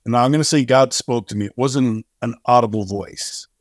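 A man's voice: medium pitch, a little fast, no room sound, studio quality. A middle-aged man, a singer-songwriter and charity co-founder, telling a long story in an interview and acting out the dialogue as he goes. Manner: animated storyteller who acts out dialogue.

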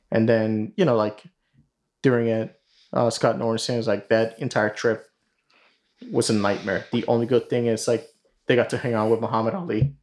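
A man's voice: lowish voice, level tone, fairly quick, darkish tone. A man hosting a podcast, casually retelling a story in a rambling way full of fillers and swearing. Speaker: podcast host.

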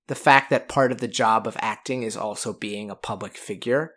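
A man's voice: on the low side, a bit bright. A man co-hosting a podcast in casual chat, rambling and self-deprecating. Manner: rambling, self-deprecating, quick to imitate voices. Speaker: podcast co-host.

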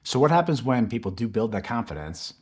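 A man's voice: mid-range voice, big pitch swings, brisk, slightly rough. A man interviewing a guest, framing his questions thoughtfully and at length.

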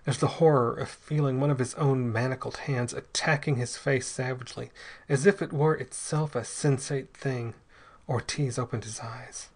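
A man narrating a pulp adventure story in a steady, dramatic storytelling manner. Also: medium pitch, normal speed, slightly rough.

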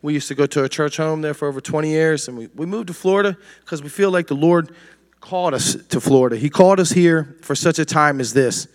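A man's voice: a little high, a little fast, no echo. A man from Maryland giving an earnest, preacherly testimony at a church service and quoting scripture. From Maryland, USA.

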